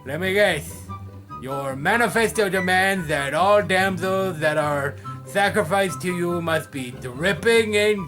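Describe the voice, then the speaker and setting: A man playing Oswald, a silly childlike man who rambles cheerfully and obliviously. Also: on the high side.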